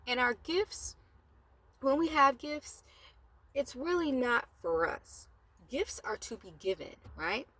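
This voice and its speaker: Motivational vlogger, woman, lowish voice, casual and rambling, recorded in a parked car. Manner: chatty, rambling, with laughs and asides.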